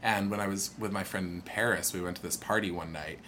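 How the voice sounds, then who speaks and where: A young man telling a long personal story in casual chat, animated and jumping into higher voices when he quotes people. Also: fast, a little hiss or hum.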